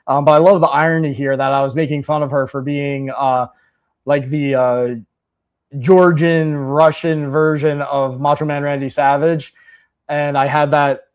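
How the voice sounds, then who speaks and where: A male podcast host talks through his points in loose, animated commentary. He restarts his sentences often and leans on fillers. His voice sits a little high for a man. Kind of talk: casual commentary.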